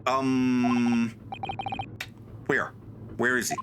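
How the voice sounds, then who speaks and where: A man's voice: mid-range voice, level tone, drawn-out words, noisy background. A man reading out a panicky young defendant, flustered, stammering and pleading. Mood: panicked. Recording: gameplay commentary with game music behind.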